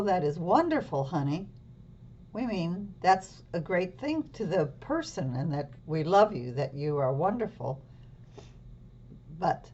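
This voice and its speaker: A woman reading a storybook aloud to children, explaining gently as she goes. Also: lowish voice, highs cut off, slight background noise.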